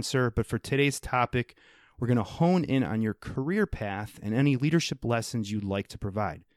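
A man's voice: medium pitch, a little mellow, dry recording, clean studio sound. A man hosting an interview, reading out a guest's biography and questioning him in a formal, deferential way. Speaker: podcast host.

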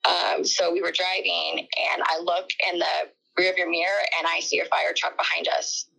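A woman in an interview, recounting a personal ordeal in a halting, emotional way with many fillers. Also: fairly low pitch, little pitch movement, gravelly, bright, forceful tone, poor audio.

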